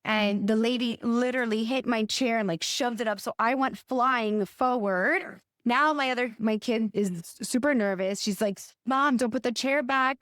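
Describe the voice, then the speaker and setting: A middle-aged woman recounts an anecdote in casual podcast chat, her voice fairly high and set in a dry, close space. She talks in an animated but hesitant way, restarting her sentences often. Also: moderate pace, hardly any pauses, no room sound. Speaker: podcast co-host.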